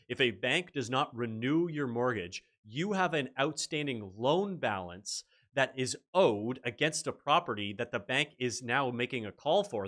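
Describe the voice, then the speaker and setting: A man hosting a casual livestream, telling stories with animation and answering chat. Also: medium pitch. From Canada. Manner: animated storyteller reading chat aloud. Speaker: livestream host.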